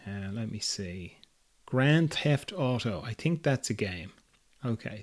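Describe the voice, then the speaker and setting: A man talks through a reflective spiritual monologue in a gentle, playful way, chuckling now and then. His pitch sits in an ordinary middle range for a man. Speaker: host.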